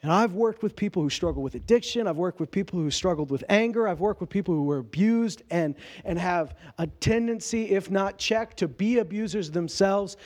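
Male pastor with a high voice, informal sermon delivery, asks rhetorical questions and acts out quoted lines. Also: fairly quick, hardly any pauses, darkish tone.

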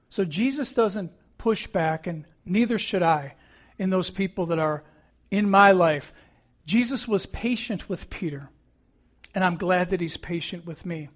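A middle-aged man preaching a sermon as pastor, earnest and emphatic, repeating key phrases. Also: high voice.

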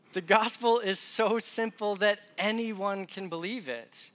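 A man's voice: high voice, slow, a bit bright. A young man preaching a sermon in a conversational, self-deprecating storytelling way.

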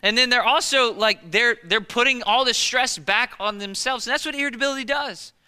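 A man preaching a sermon as a pastor, animated and conversational, with lots of rhetorical questions. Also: extremely high pitch, a little fast, smooth, big-room sound.

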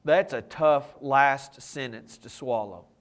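A man's voice: mid-range voice, takes it slowly. A man preaching a sermon, reading scripture and explaining it in a plain, conversational way. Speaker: pastor.

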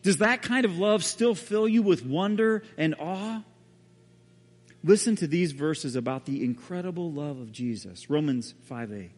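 A man preaches a sermon, telling the story with drama and often sinking into a hushed tone. His voice sits a little high for a man. The sound carries a long, reverberant hall tail. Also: lively intonation, measured pace. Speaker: pastor.

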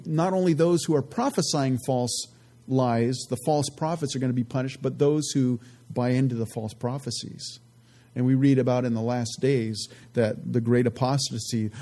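A man teaches from scripture in an earnest, easygoing way, with frequent conversational asides. His voice sits at a middle pitch with a warm, mellow tone. He slows down deliberately when reading verses aloud. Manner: earnest, relaxed, many "you know" asides. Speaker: Bible teacher.

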